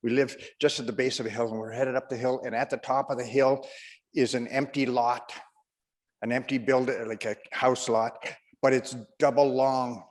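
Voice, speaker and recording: A man's voice: mid-range voice, flat delivery, normal speed, long reverb tail. A man doing stand-up comedy, telling a long, rambling anecdote.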